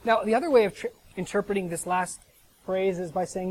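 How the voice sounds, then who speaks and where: A man's voice: high-pitched, brisk, a little mellow, slight background noise, rough recording. Conversational American man preaching. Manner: chatty, asks rhetorical "right?". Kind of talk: conversational sermon.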